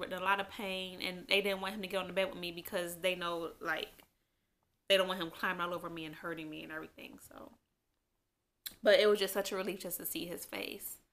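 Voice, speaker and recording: Her voice is medium-pitched, pushed and bright, as the young woman shares her personal story in a relaxed sit-down vlog. She rambles and uses lots of fillers, sometimes getting emotional until her eyes well up.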